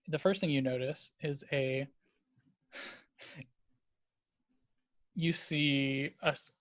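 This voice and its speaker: A man's voice: fairly high pitch, no room sound. A man running a tabletop game as dungeon master, narrating loosely with many fillers. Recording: dull lo-fi dry sound.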